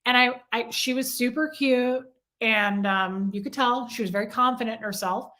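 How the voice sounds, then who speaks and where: A young adult woman with a fairly high voice chats casually on a live stream at a moderate pace. She's animated and self-deprecating, speaking directly to viewers in the chat.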